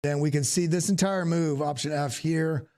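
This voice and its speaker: A man's voice: a little high, fairly even intonation, normal speed, a little mellow. A man from the Southern United States hosting a live stream, talking casually through market charts and often restarting his sentences. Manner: casual, thinking aloud with frequent restarts. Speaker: host. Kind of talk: live technical chart analysis.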